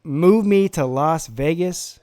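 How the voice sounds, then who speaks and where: A man's voice: fairly high pitch, slow pace, darkish tone. A man from South Carolina hosting a live football draft stream, brash, profane and joking in casual commentary.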